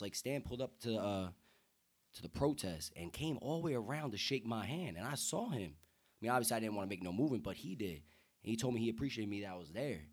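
Laid-back young man, low voice. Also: slightly rough. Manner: laid-back slangy talk, many fillers. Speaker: podcast guest. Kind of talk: casual podcast chat. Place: table indoors with drinks.

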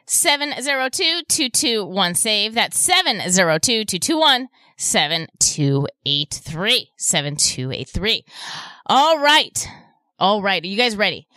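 A woman's voice: medium pitch, sing-song, measured pace, sharp tone, no room sound. A woman hosting a live radio shopping show from a studio mic, bubbly and cooing over the deals as she reads them out. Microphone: studio microphone.

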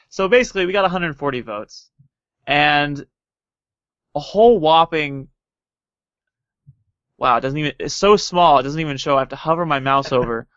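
A man's voice: fairly high pitch, normal speed, long pauses, a bit bright, smooth, no echo. Playful man co-hosting a podcast. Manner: playful, reads out poll results. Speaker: podcast co-host. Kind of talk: casual tech podcast chat. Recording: dull lo-fi dry sound.

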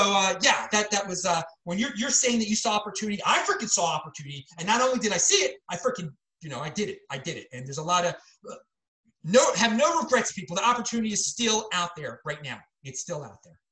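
Here is a woman hosting a podcast. She talks in an emphatic, hyped-up way, and her pitch swings widely. Her voice echoes around a roomy space. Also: very animated, quick pace, fairly bright tone. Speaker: podcast host. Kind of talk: casual podcast chat. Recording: roomy echo.

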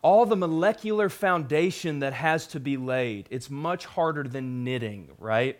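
A young adult man preaching a sermon, casual and animated, with frequent fillers and quick asides to the audience. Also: a little high. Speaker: pastor.

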